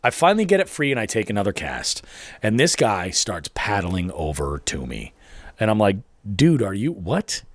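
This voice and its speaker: A man's voice: on the low side, very animated, normal speed, no echo. A man co-hosting a fishing podcast, telling a story in a rambling way and often stopping to correct himself. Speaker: podcast co-host. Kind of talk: casual podcast chat.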